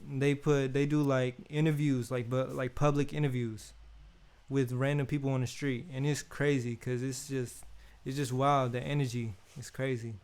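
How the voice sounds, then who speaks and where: Laid-back Bay guy hosting an unboxing, smooth and resonant, loose slangy chat. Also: mid-range voice. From Oakland, California. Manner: laid-back, slangy, keeps repeating "you feel me". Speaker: unboxing host.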